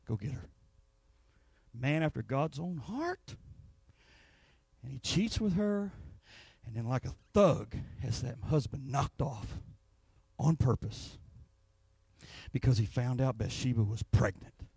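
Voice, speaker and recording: A man's voice: mid-range voice, lively intonation, takes it slowly, vocal fry, pauses often, breathy edge, no echo. A man preaching a sermon in a church, telling a personal story. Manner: storytelling, rising to anguished shouts. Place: church sanctuary.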